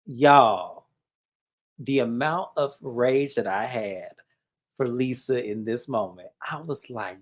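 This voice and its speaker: A host recapping a reality TV episode in casual, gossipy, animated talk that swears freely. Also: mid-range voice, normal speed.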